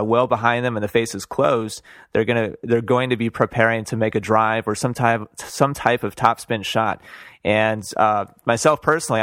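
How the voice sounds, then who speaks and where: A man's voice: lowish voice, fairly bright tone, no echo, clean studio sound. A man hosting a radio talk show, explaining tennis tactics and handing questions to his co-host.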